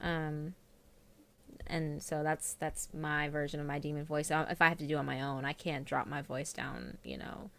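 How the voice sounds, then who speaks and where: A woman's voice: low voice, lively intonation, normal speed, vocal fry, a bit bright. A woman hosting a live stream, chatting casually and greeting viewers by name. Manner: chatty, reads out viewer names. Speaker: streamer host.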